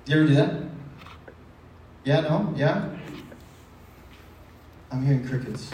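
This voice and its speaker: A man's voice: on the high side, steady tone, moderate pace, long pauses, slight background noise. A male pastor preaching a casual, conversational sermon in a church, often asking the congregation rhetorical questions. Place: church sanctuary. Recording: echoey hall from far off.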